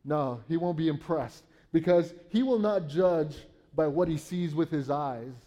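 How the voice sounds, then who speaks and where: Man preaching with mellow, slightly high voice. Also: a little slow. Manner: explains scripture conversationally, asking "right?" often; reads Bible verses aloud, then paraphrases them. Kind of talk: sermon.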